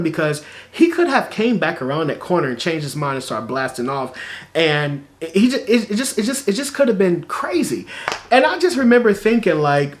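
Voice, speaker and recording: A man vlogger telling a personal story to camera in a chatty, animated way, full of "like"s. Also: high-pitched, moderate pace. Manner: animated, chatty, filler-heavy with many "like"s.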